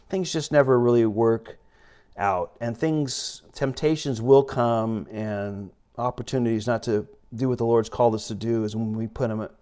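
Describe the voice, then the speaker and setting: A preacher delivers an informal sermon in a church, reading and retelling scripture in a conversational, rambling way with many fillers and restarts. His voice is mid-range and a little mellow.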